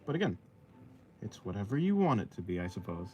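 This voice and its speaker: A man's voice: fairly low pitch, sing-song, a little fast, highs cut off, soft background music. A young man streaming while he draws, reading chat aloud and answering in a hesitant, rambling way with many fillers. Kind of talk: casual live-stream chat while drawing. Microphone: desk microphone, described as muffled by chat.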